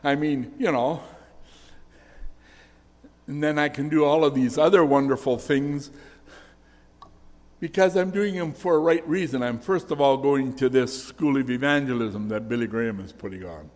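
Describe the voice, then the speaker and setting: A man's voice: medium pitch, normal speed, long pauses. An older man preaching a sermon, telling personal stories in an earnest, storytelling way. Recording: echoey church hall reverb.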